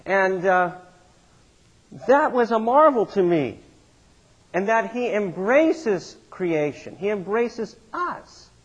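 A middle-aged man preaching a sermon as pastor, telling stories with animated swings in pitch and loudness. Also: lo-fi sound.

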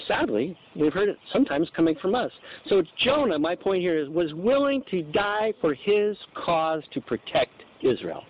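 Guy preaching a sermon, high voice jumping all over, kinda dull lo-fi recording. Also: moderate pace, hardly any pauses, breathy edge. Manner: animated, acts out voices in scripture. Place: church.

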